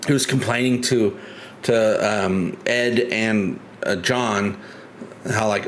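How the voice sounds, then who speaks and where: A man's voice: fairly low pitch, normal speed, slight background noise. Rambling man hosting a live stream. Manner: rambling, many restarts, chatty and joking. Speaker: livestream host. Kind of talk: casual live-stream chat.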